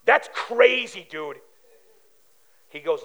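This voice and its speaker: A man from preaching a sermon as pastor, animated and telling stories with acted-out quotes. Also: high voice, slow pace, long pauses, rough recording.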